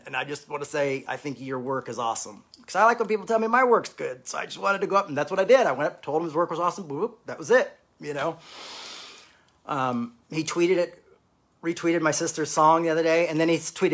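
A man in his forties candidly telling a personal story, rambling and halting with many fillers and restarts. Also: a little high, fairly bright tone. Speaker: speaker sharing a personal story.

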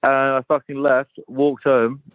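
A man's voice: medium pitch, level tone, measured pace, no echo. Young man, rambling caller, filler-heavy, phone-like sound. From United Kingdom. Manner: rambling, many fillers, swears freely. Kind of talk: casual storytelling voice message. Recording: dry, tinny phone-like line.

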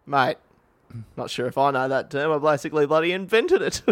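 A man's voice: on the high side, expressive, brisk, smooth, no echo. A young man co-hosting a comedy podcast, reading aloud with crude jokes and frequent laughter. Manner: crude, jokey, laughs often. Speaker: podcast co-host.

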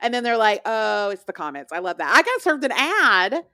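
A woman's voice: a little high, sing-song, moderate pace, bright, forceful tone, no room sound, studio quality. A woman co-hosting a pop culture podcast, talking in a sassy, emphatic, casual way. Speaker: podcast co-host.

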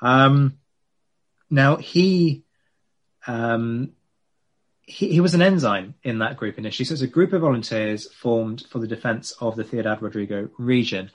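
A man's voice: mid-range voice, a little slow. A man explaining history in a casual podcast chat, chatty and self-mocking.

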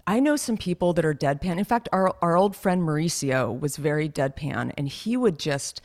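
A chatty woman co-hosting a casual podcast, her voice sitting a little low for a woman. She talks loosely, filling gaps with "like" and "you know," and laughs easily. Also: lively intonation, normal speed, a little mellow. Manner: chatty, laughs often, lots of fillers. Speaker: podcast co-host. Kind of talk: casual chat.

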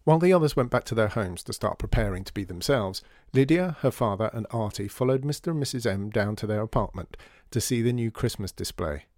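A man reading a story aloud in a measured, calm way. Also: lowish voice, dry recording, clean studio sound. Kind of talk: scripted narration.

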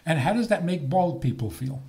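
A man's voice: fairly high pitch, animated, moderate pace, vocal fry, warm tone. A man giving a lecture with humor, asking rhetorical questions and chuckling at his own points.

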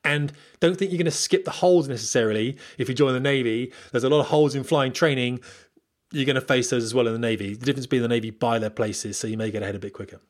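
Fast-talking man giving candid career advice. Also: mid-range voice. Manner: candid, rambling, with frequent fillers and restarts. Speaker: former military pilot giving career advice. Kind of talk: casual monologue to viewers.

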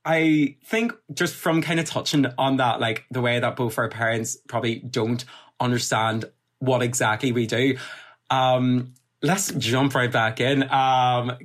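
A man's voice: mid-range voice, a little slow, fairly bright tone. A young man hosting a casual podcast, rambling with lots of fillers, swearing and laughing. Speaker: podcast host. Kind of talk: casual chat.

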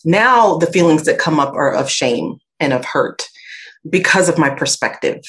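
A woman's voice: low-pitched, normal speed, poor audio. A woman raised in Michigan and Alabama with a Southern accent, speaking earnestly as a podcast guest about confidence and perspective. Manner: reflective, earnest, animated when quoting others. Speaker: guest, aromatherapy expert. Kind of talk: podcast interview conversation.

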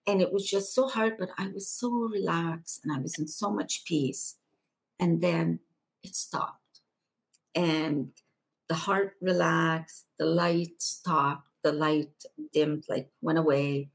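A woman guest on a podcast, earnestly recounting a personal testimony and going hushed for the quieter moments. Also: deep voice, steady tone, takes it slowly, vocal fry, husky.

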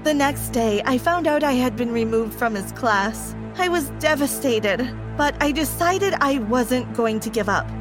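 A woman's voice: high-pitched, animated, a little slow, hardly any pauses, over music. A young woman narrating a first-person story in a dramatic, emotional style.

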